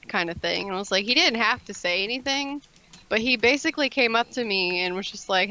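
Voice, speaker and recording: A woman's voice: mid-range voice, expressive, a little fast, pushed and bright, poor audio. A young woman chatting casually on a stream, giggly and a little self-conscious as she tells her story. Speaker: stream guest. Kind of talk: casual chat on a live stream.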